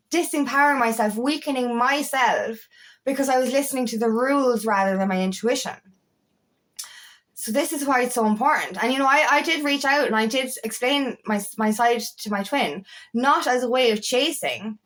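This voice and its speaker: A woman's voice: high voice, moderate pace, fairly bright tone. A woman coach talking to camera in a passionate, blunt way, swearing often as she speaks. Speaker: empowerment coach. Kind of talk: casual monologue to camera.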